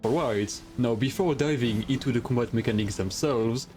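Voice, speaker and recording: A young man with a French accent, narrating a scripted gaming guide in a steady, methodical, explanatory way. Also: medium pitch, normal speed. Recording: light music behind.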